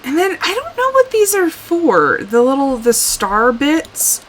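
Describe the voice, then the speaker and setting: A tired woman streamer chatting casually while she plays, rambling, sighing and trailing off into quiet asides. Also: high voice, wildly swooping pitch, measured pace, a little hiss or hum. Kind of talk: casual live-stream chat while playing.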